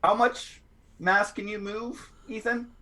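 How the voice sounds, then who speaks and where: A man's voice: high-pitched, fairly even intonation, slow, bright, forceful tone. A man narrating as game master of a tabletop game, hesitant and full of fillers. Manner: hesitant, many fillers and restarts.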